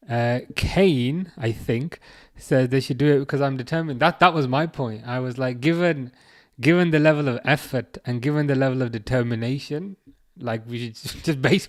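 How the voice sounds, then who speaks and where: A man hosts a casual football livestream, reading viewer comments aloud and answering them. His medium-pitched voice is hesitant, full of fillers and restarts, captured in a dry, studio-quality recording.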